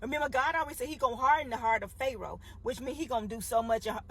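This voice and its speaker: High, husky-voiced woman preaching. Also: fast, a bit bright. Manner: emphatic and repetitive, calls listeners "baby". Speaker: minister. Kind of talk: preaching a Bible story.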